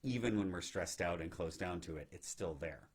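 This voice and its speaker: A man giving a gentle, reflective spiritual teaching talk on meditation, often checking in with "right?". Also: deep voice, moderate pace, husky. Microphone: live video stream.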